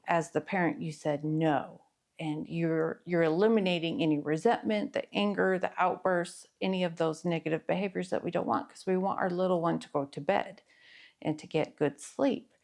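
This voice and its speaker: A middle-aged woman therapist giving an earnest, explanatory talk on parenting, with pauses and fillers. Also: on the low side, creaky, a little mellow. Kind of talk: educational talk to camera.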